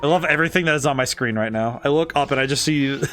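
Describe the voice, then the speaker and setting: A man giving casual live-stream commentary on a game he is playing, excitable, laughing often and thinking aloud. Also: mid-range voice, fast, soft background music.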